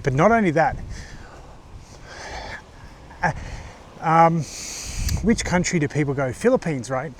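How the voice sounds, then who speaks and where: A man in his forties with an Australian accent, vlogging in a casual, halting monologue full of fillers and restarts, from a car on the road. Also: fairly high pitch, expressive, a little hiss or hum. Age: 40s.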